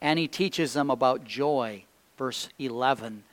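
A man preaching a sermon, reading scripture aloud and swinging between loud emphatic peaks and hushed low phrases. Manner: slow, deliberate delivery reading scripture aloud.

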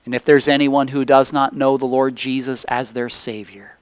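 A man's voice: mid-range voice, flat delivery, smooth, dry recording. A male pastor giving a sermon, leading a Scripture reading and then praying in an earnest, reverent way. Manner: slow, earnest, reverent pulpit delivery. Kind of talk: sermon with congregational reading and prayer.

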